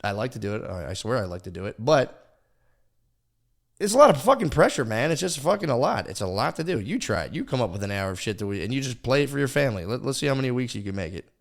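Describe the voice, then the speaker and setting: A man's voice: mid-range voice, big pitch swings, fast talker. A man hosting a podcast in casual chat, rambling and self-deprecating, swearing a lot and restarting his sentences often. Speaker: podcast host.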